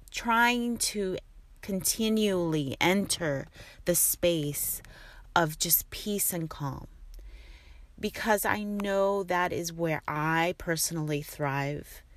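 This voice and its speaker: Woman, middle-aged, soft-spoken, rambling fillers, slow unhurried pace, dry close sound. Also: sits low, no room sound. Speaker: vlogger. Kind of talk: reflective casual monologue.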